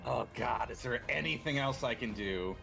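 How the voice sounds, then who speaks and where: A man's voice: medium pitch, moderate pace, a bit bright. A man playing in an online tabletop game, talking hesitantly with many fillers. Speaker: player. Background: clear music.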